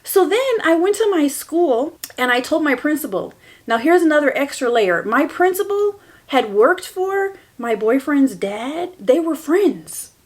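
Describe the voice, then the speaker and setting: Candid woman podcast host, slightly high voice. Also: sing-song, unhurried. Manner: candid, talks straight to listeners, laughs through painful memories; shifts between soft, hushed lines and bursts of higher, louder emphasis. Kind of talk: personal storytelling podcast.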